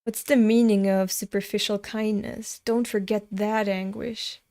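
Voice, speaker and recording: A woman voicing a gloomy, withdrawn young man who despises himself, speaking softly and in a subdued way. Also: mid-range voice, little pitch movement, a little slow, natural voice. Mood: brooding.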